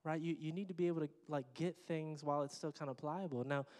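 A middle-aged pastor with a voice on the high side and a darkish tone preaches fast in a church sanctuary. He chats with the congregation through joking asides while a long hall reverb lingers.

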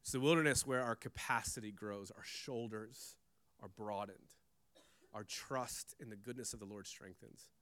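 A pastor preaching a sermon, swinging between loud emphasis and hushed, intimate lines. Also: male voice, lowish voice, moderate pace. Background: soft guitar from the band.

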